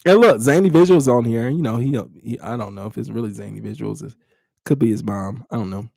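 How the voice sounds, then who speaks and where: A man's voice: medium pitch, a little fast, creaky, warm tone, no echo, studio quality. A man in his thirties hosting a casual podcast, talking bluntly to his live chat, teasing and laughing often. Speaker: podcast host.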